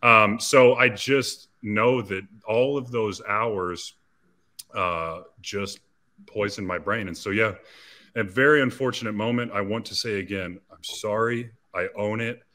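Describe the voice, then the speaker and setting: A man's voice: fairly low pitch, measured pace, bright, forceful tone. A man in his thirties, an athlete and interview guest, telling a personal story in an earnest, confessional way with frequent restarts.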